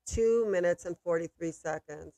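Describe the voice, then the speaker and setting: A co-host on a live watch-party stream with a gravelly edge of vocal fry, trading blunt, dismissive quips and reading out chat questions. The sound is dry and close-miked. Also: medium pitch, moderate pace, warm tone, no echo.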